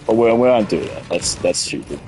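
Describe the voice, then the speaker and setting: A man's voice: fairly low pitch, animated, a little fast, darkish tone, faint music behind, rough recording. A young man in his late teens with an Australian accent, chatting on a stream, rambling and heated, with lots of restarts and swearing. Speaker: gaming streamer. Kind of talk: casual stream chat.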